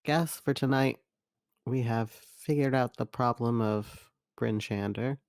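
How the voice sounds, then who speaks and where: A man's voice: mid-range voice, slow pace, a little mellow, no echo, studio quality. A man playing his character in a tabletop game, earnest and hesitant, often restarting sentences. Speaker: player. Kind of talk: in-character tabletop role-play.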